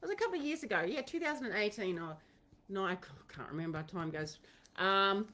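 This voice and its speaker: A woman's voice: mid-range voice, animated, fast, pushed and bright. An Australian woman chats casually while hosting a live online Q&A session. Her talk rambles, with frequent fillers and restarted sentences. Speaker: host of a horse-training Q&A livestream. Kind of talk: casual livestream chat.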